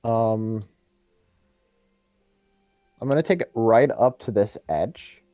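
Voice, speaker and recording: Slow, mellow-voiced male player. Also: fairly low pitch, no echo, studio quality, faint music behind. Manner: unhurried, hesitant, many ums. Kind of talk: playing a tabletop game over voice chat.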